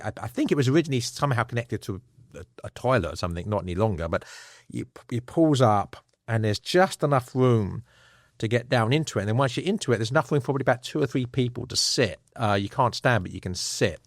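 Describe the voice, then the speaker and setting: A man's voice: mid-range voice, expressive, brisk, no echo, studio quality. An English man, an author, telling stories earnestly as a guest in a casual interview chat. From England. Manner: earnest storytelling, occasional chuckle.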